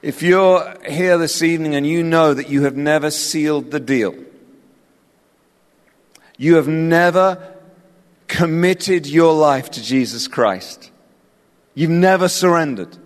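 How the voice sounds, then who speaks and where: A man's voice: fairly high pitch, slow pace, pauses often. A man with an English accent preaching an evangelistic sermon, impassioned and personal, calling listeners to respond. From England. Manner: impassioned, building to invitation then softening. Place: large hall with live audience. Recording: reverberant hall with music.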